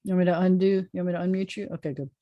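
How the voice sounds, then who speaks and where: A woman rabbi teaching a Hebrew class over a video call, explaining patiently and repeating words slowly. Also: lowish voice, fairly even intonation, dull audio. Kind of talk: online class lecture.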